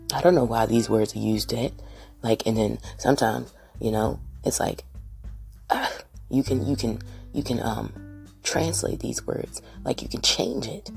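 Brief: female podcast host, very deep and gravelly, restless profane monologue full of rhetorical questions, light guitar bed. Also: mellow. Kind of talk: rambling solo monologue.

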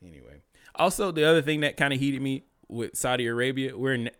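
A man's voice: medium pitch, quick pace, clean tone, no room sound, studio quality. A man co-hosting a casual talk show, opinionated and provocative, swearing freely and often breaking into laughter. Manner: loud, provocative, profane, laughs and shouts. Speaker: podcast co-host.

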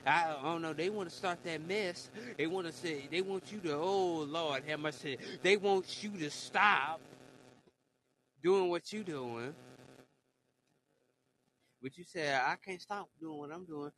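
Preachy man with a bright voice. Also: a little high, measured pace, long pauses, poor audio. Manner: preachy, exclaims "Lord have mercy". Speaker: podcast host. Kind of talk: preachy motivational monologue.

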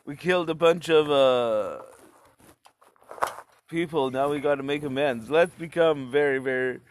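A man voicing a remorseful, overly polite German man in a soft, mock-earnest tone. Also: fairly high pitch, measured pace, slight background noise, close to an everyday voice.

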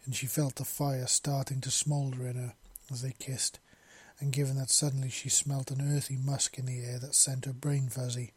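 Husky man reading a story. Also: mid-range voice, moderate pace, hardly any pauses. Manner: steady reading with small slips and restarts. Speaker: narrator. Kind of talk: amateur fiction reading.

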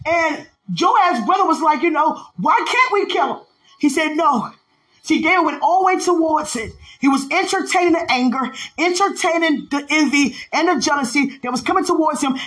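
A woman giving a devotional podcast sermon, retelling a Bible story with animated storytelling and acting out the characters' lines. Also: high-pitched, rough recording. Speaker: preacher.

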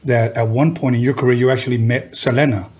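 A man hosts an interview, asking questions in a relaxed, friendly way. His voice is somewhat husky and sits at a middle pitch. He answers with short "okay"s and affirmations. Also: fast talker. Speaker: podcast host. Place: Los Angeles area.

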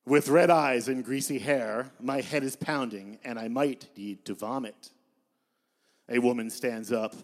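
At a bar, a poet in his fifties gives a live reading, telling stories in a deadpan, self-mocking way. His voice sits in the mid range and he keeps a measured pace.

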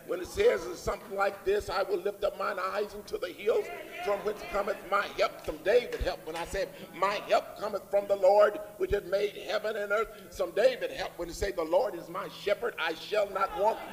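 A man with a high voice delivers a Sunday sermon from the pulpit. He calls out for the congregation to respond and builds his lines with rising emphasis. His words ring with the long reverb of a church hall. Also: steady tone, moderate pace. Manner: call-and-response preaching, rising emphatic phrases. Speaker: preacher. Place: church sanctuary.

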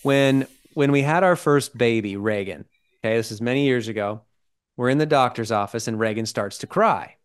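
A man's voice: mid-range voice, moderate pace, smooth. A man co-hosting a podcast, explaining ideas in casual chat and checking in with "right?" and "okay?". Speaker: podcast co-host.

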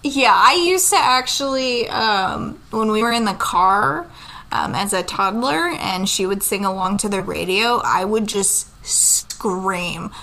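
A woman's voice: mid-range voice, expressive, slow, bright, forceful tone, a little hiss or hum, rough recording. A woman co-hosting a casual chat, blunt, swearing freely and laughing often.

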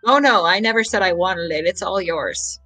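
A man's voice: sits high, bright, forceful tone, soft background music, poor audio. Male podcast host, casual, rambles and stammers. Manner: rambling, stammering, quick to laugh. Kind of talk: casual chat.

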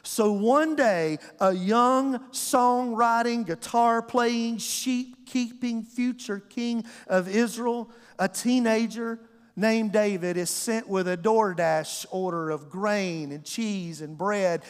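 A man's voice: sits high, takes it slowly, clean tone. A male pastor, preaching a storytelling sermon to his congregation and acting out the voices. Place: church sanctuary. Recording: long hall reverb.

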